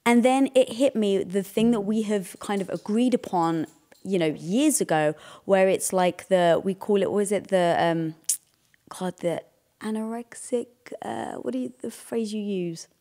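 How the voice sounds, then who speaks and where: A woman's voice: medium pitch, a little slow, mellow. A woman with an ordinary mid-range voice talks through a personal story in a casual relationship chat. She is chatty and leans on fillers and restarts as she goes. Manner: chatty, filler-heavy retelling. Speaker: co-host.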